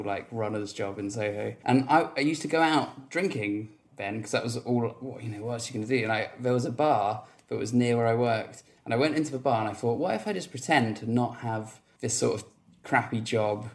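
A man's voice: medium pitch, a little fast, hardly any pauses. A man guesting on a pub podcast, telling a rambling story full of fillers and laughs. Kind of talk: casual chat, storytelling.

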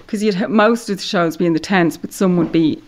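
A woman and former model, a guest on a podcast, telling a story in a relaxed, chatty way with lots of "like" and "you know". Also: on the low side, a little fast. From Ireland. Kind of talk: casual interview storytelling.

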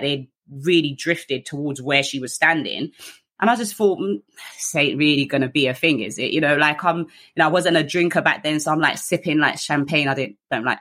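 A young woman, a podcast guest telling a personal story candidly, full of fillers and self-mocking laughs. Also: low voice. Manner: chatty, frequent fillers, animated quoting, laughs at herself.

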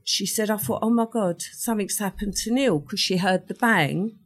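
A woman's voice: medium pitch, normal speed. Older woman retelling a crime. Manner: vivid storytelling, acts out quoted voices. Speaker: interview guest. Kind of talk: recounting a true crime story.

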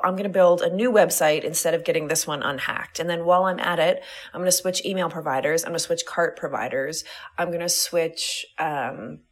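Candid, breezy woman podcaster. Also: fairly low pitch. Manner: candid, breezy, swears casually. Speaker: podcast host and business coach. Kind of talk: casual solo podcast talk.

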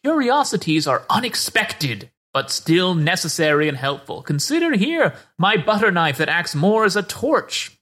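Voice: medium pitch, very animated, moderate pace, hardly any pauses, fairly bright tone. A player voicing an eccentric, cheerful male shopkeeper who speaks in formal, genteel sales talk.

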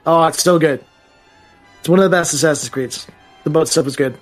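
Low-key man with a slightly high voice. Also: brisk, faint music behind. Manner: low-key, brief replies, explains plot. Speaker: co-host. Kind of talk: casual movie-watching commentary.

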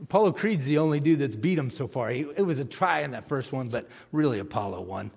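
Gravelly-voiced man preaching a sermon. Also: medium pitch, fast talker. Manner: conversational, animated, asks the congregation questions. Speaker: pastor. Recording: long reverb of a large hall.

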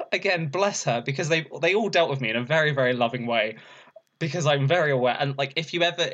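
A young man in an interview, telling a story in a lively way, laughing often and raising his voice to act out what people said. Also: medium pitch. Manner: animated, laughs often, acts out quotes in a raised voice. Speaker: interview guest, burlesque performer.

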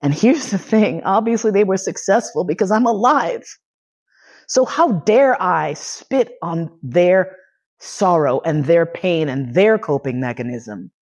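A woman's voice: lowish voice, animated, a little slow, a little mellow. A woman in her forties giving a personal storytelling lecture, candid, profane and emotionally charged. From United States. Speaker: lecturer and podcast host.

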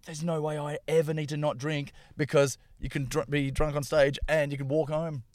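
A man's voice: on the high side, flat delivery, darkish tone, no room sound, studio quality. A man, a comedian chatting casually and acting out little voices as he tells stories. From Australia. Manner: quick, rambling, acts out voices in his stories. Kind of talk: casual podcast chat.

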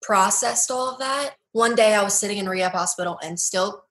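A woman's voice: medium pitch, a little fast, a bit bright. Young woman talking earnest and heartfelt, lots of "like", roomy echo around her. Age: young adult. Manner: earnest, heartfelt, many "like" and "you know" fillers. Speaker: guest. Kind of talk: personal testimony interview.

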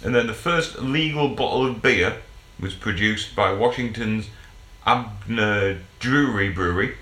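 Joking man, lowish voice. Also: a little slow, sharp tone, reverberant. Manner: jokey, rambling, stumbles over words. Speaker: podcast co-host. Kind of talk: casual banter.

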